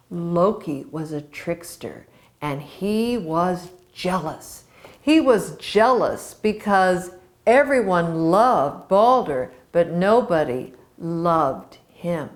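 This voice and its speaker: A woman storyteller telling a myth to children in a slow, expressive way. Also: on the low side.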